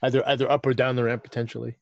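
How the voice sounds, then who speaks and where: A man's voice: medium pitch, little pitch movement, rapid-fire, vocal fry, highs cut off. A man playing a tabletop game, thinking aloud and repeating his words as he reasons. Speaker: player. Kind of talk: casual chat as a tabletop player.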